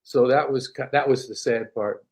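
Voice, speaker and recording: An older man, a singer-songwriter, telling stories casually as an interview guest, animated, laughing often and repeating words. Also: medium pitch, normal speed. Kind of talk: casual storytelling.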